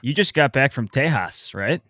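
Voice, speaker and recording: A man's voice: mid-range voice, lively intonation, normal speed, bright, forceful tone, slightly rough, dry recording, clean studio sound. A man co-hosting a podcast in casual chat, an easygoing storyteller asking questions. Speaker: podcast co-host.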